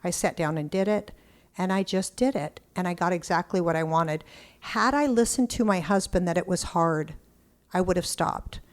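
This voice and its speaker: Middle-aged woman guest, lower-pitched, excitable and blunt, tells stories. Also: normal speed. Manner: excitable, animated storyteller who acts out quotes; blunt, occasional cursing. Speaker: podcast guest. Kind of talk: casual interview storytelling.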